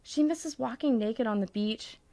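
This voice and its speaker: A woman's voice: on the high side, measured pace, mellow, dry recording. Woman narrating an audiobook, dry sound.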